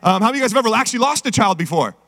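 A middle-aged man preaching a sermon, energetic and calling out to the congregation. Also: sits high, very fast. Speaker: pastor. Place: church sanctuary. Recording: reverberant church hall.

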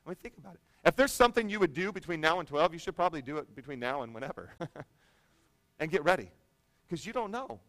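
A man's voice: fairly high pitch, animated, quick pace, a bit bright, no echo, rough recording. A young adult man, a pastor, preaching a sermon in a conversational way that builds to emphatic proclamation.

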